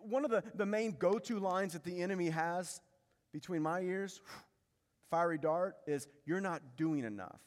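Speaking unhurriedly in a high-pitched voice with fairly even intonation, a pastor gives an emphatic sermon in a church sanctuary. He repeats key phrases and directs rhetorical questions at the congregation, with the long reverb of a large hall in the recording.

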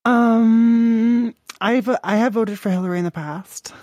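A man's voice: very high voice, steady tone, a little slow, darkish tone, dry recording. Prank podcast host, man, crude and mocking, rambling delivery, dry close sound. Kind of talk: crude prank call banter.

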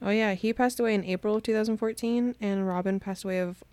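A woman's voice: medium pitch, steady tone, fast talker, darkish tone, dry recording. A young woman co-hosting a podcast in casual chat, enthusiastic and giggly, with frequent "like" fillers. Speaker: podcast co-host.

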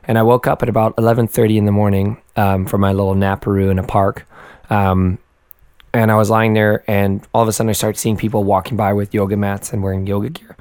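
A hoarse young Canadian man in casual podcast chat, rambling through a story and laughing often. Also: on the low side, little pitch movement, quick pace, a little mellow, no echo. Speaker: podcast co-host.

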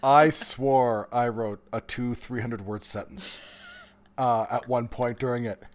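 A man in his forties, an author talking as a guest in a casual interview, animated and quick to laugh. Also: medium pitch. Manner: animated storyteller, bursts of laughter.

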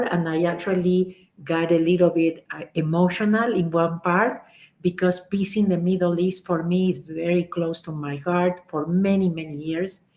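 A woman talks to her online followers in a loose, chatty way, full of fillers and repeated thanks. The sound comes through a live-stream mic in an echoey room. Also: on the low side. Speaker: spiritual teacher hosting a live stream. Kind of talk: casual live-stream talk and guided recitation.

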